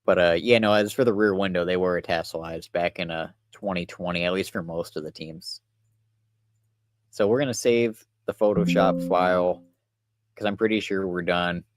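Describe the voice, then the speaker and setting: Low-voiced young man streaming casually. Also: normal speed, dry recording, studio quality. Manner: relaxed, rambling, talks to chat while working. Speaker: livestreamer. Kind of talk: casual livestream commentary.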